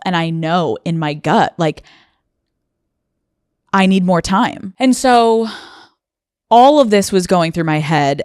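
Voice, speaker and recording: A woman's voice: on the low side, darkish tone, clear, resonant tone, no room sound. An American woman in her thirties, a podcast host, speaking candidly and emotionally with many fillers, close to tears. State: near tears. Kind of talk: personal monologue.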